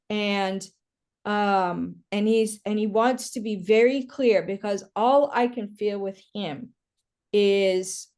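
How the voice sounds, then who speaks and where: Woman, psychic medium, chatty and filler-heavy, mid-pitched, video call audio. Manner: warm, chatty, fast with many fillers. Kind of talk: live online reading.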